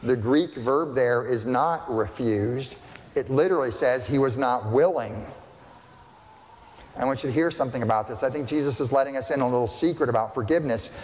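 A man preaches a sermon in an easy, conversational manner, at a middling pitch for a man. He keeps asking his listeners rhetorical questions and drops in dry jokes. His voice rings with the long reverb of a large church room. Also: normal speed, darkish tone. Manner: conversational, asks the congregation rhetorical questions, dry humorous asides. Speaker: pastor.

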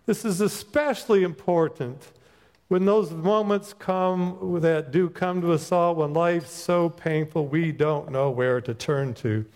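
A middle-aged man preaches a sermon in a folksy, conversational way, easing into stories before making his point. His voice sits a little high for a man. The sound carries a long reverb from the church around him. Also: a little slow, darkish tone. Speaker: chaplain pastor. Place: church sanctuary.

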